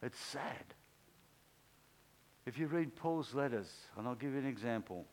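A man's voice: expressive, unhurried, darkish tone, low-quality recording. Man preaching a conversational sermon. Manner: conversational, acts out quoted speech with pitch swings. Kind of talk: informal sermon.

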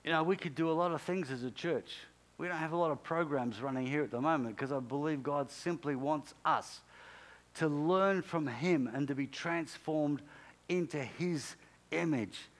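A man's voice: fairly high pitch, normal speed. A male pastor preaching a sermon in an emphatic, repetitive way, punctuated by sudden exclamations.

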